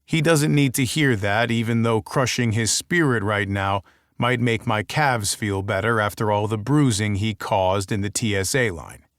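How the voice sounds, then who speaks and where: Low, dry-voiced male audiobook narrator. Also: moderate pace, no echo. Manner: wry, intimate inner monologue. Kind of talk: first-person romance audiobook narration.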